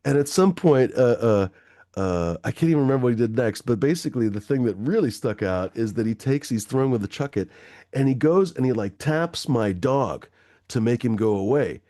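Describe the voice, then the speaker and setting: A man's voice: medium pitch, fairly quick, no room sound, clean studio sound. A man telling a long personal anecdote in casual chat, swearing freely and full of fillers. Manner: profane, animated anecdote-telling with many fillers.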